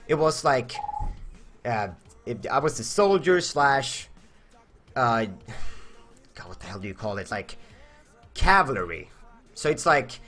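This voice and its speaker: A man's voice: mid-range voice, lively intonation, slow pace, long pauses, fairly bright tone. A young man from Sweden chatting casually on a live stream, answering viewer questions in a rambling way, searching for words and swearing.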